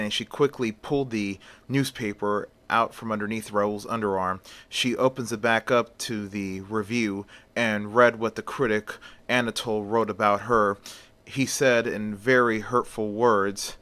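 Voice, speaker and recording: A man's voice: lowish voice, fairly even intonation, measured pace, fairly bright tone. A man narrating a story in a plain, conversational way.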